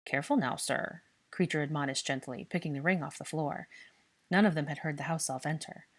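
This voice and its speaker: A woman reading a fan fiction story aloud in a steady, expressive narration. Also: low-pitched, brisk.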